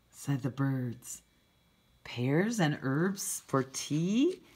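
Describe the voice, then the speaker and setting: A preschool teacher, a woman, reading a picture book aloud to young children, gently asking them questions and explaining words. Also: low voice, big pitch swings, drawn-out words, slightly rough.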